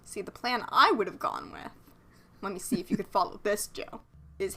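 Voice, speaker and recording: A woman's voice: mid-range voice, normal speed, pushed and bright. A woman co-hosting a podcast in casual chat, sarcastic and joking, swearing freely. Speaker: podcast co-host. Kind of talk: casual chat recapping a cartoon.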